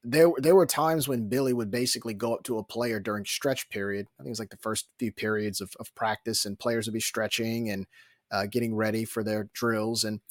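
A man co-hosting a casual postgame podcast, telling a story in an animated way. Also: on the low side, a little fast, dry recording, studio quality.

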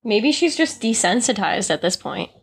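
A woman's voice: mid-range voice, big pitch swings, normal speed, gravelly, breathy edge. A woman co-hosting a podcast in casual chat, giggly and a little bashful. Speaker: podcast co-host.

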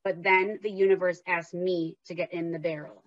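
A woman's voice: lowish voice, flat delivery, normal speed, dry recording, highs cut off. A woman host talking candidly and heartfelt, then reading aloud from her own memoir. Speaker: podcast host and memoir author.

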